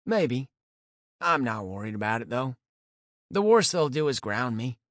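A man's voice: mid-range voice, very animated, measured pace, a bit bright, no room sound, studio quality. A man voicing a casual, teasing teenage boy in an audiobook, with a playful, easygoing delivery.

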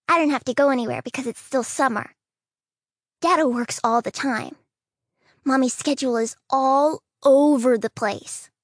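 Woman audiobook narrator, high, soft, childlike first-person read, dry studio sound. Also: dry recording.

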